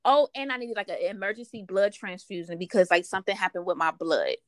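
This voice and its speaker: A woman's voice: medium pitch, lively intonation, fast, fairly bright tone, no echo. A woman asking questions in a casual conversation, recounting her own experience with lots of fillers and restarts. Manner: emotional storytelling with frequent fillers.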